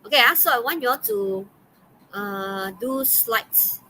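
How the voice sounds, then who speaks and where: A woman's voice: fairly high pitch, big pitch swings, measured pace, gravelly, bright, forceful tone, poor audio. A woman with a Malaysian English accent teaches an online English class. She talks in a loose, chatty way, packed with okays and fillers. A faint noise sits under her voice. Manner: chatty, many okays and fillers, laughs often.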